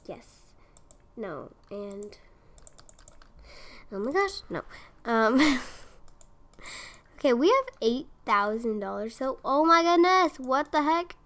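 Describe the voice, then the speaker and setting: Young woman, higher voice, unhurried delivery, exasperated gameplay commentary over clicking keys. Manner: exasperated, talks to the game characters. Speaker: gaming video creator.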